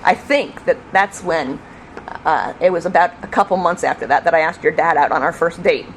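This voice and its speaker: A middle-aged woman who was a police officer tells a story in an interview, acting out the shouts. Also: deep voice, moderate pace. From New York State. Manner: lively, acts out the shouts. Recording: faint background noise.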